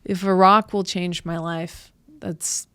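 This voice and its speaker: A woman in her thirties, a comedian hosting her own podcast, rambling through a casual monologue with halting restarts. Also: lowish voice, level tone, a bit bright, clean tone, no room sound. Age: 30s. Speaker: podcast host and stand-up comedian.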